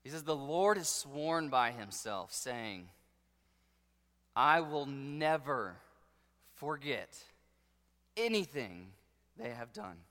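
A man preaching a sermon with passion, dropping to a hush and then rising to loud declarations. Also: mid-range voice, very animated, slow, long pauses. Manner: impassioned preaching, swinging between hushed and loud. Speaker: pastor. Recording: long hall reverb.

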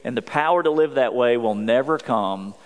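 A man preaching a sermon as a pastor, earnest, slowing down when he quotes scripture. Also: mid-range voice, lively intonation, clean tone, long reverb tail.

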